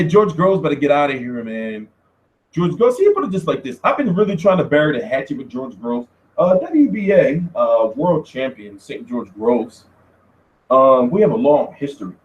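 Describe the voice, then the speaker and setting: High, lively-voiced man in an echoey room. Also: dull audio. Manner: animated, laughing, slangy storytelling. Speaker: boxing media vlogger. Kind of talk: casual profane monologue. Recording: roomy echo.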